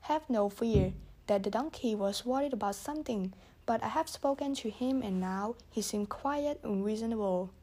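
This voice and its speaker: A man's voice: high-pitched, moderate pace, darkish tone. A woman reading the part of a wheedling little fat male coachman, sugary and coaxing.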